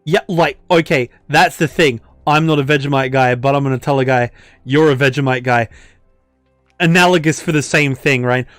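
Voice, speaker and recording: A man's voice: medium pitch, moderate pace, no room sound, clean studio sound, faint music behind. A young Australian man co-hosting a podcast in casual chat, laughing often and swearing freely. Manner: laughing, swearing, animated banter. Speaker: podcast co-host.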